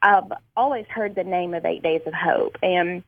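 A woman's voice: fairly low pitch, moderate pace. A young woman from Mississippi with a Southern accent, a guest chatting over the phone, friendly and full of ums. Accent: Southern American. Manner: friendly, laughs easily, many ums. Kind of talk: casual radio chat. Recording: tinny phone line.

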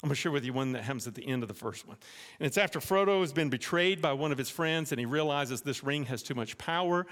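A man's voice: mid-range voice, fast talker. A man preaching a sermon as pastor, telling stories and making direct appeals to the congregation. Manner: animated storytelling, direct appeals. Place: church. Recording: echoey church hall.

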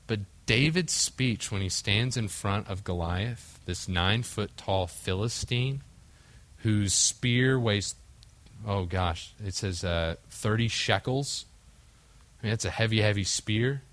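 A man's voice: fairly low pitch, unhurried, fairly bright tone. A young man preaching a casual sermon, acting out the quoted voices of the story, with a few slips along the way. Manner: conversational, acts out quoted voices, occasional slips. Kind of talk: casual sermon with group discussion.

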